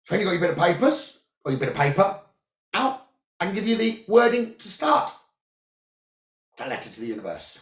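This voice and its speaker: A man who works as a psychic medium, giving calm, soothing spiritual guidance about the new moon, crystals and journaling. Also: sits high, a little fast, pauses often. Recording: roomy, dull lo-fi sound.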